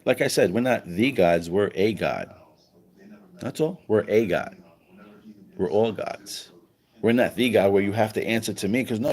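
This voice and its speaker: A man giving a casual livestream monologue, animated and profane, firing off rhetorical questions and acting out quoted voices. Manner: acts out quoted voices with higher pitch. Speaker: online commentator.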